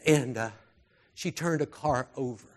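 A man preaching a sermon through personal stories, earnest and heartfelt, his voice often dropping soft and quiet. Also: medium pitch, unhurried.

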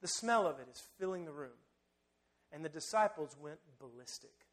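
A man preaching a sermon in a conversational, animated way, speaking directly to his listeners. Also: a little high, normal speed.

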